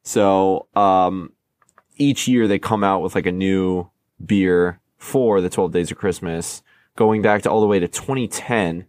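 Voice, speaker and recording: Joking low-voiced man on a podcast. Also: a little slow, a little mellow, no echo. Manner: joking, reads names aloud with stumbles. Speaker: podcast co-host. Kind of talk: casual chat. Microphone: close microphone.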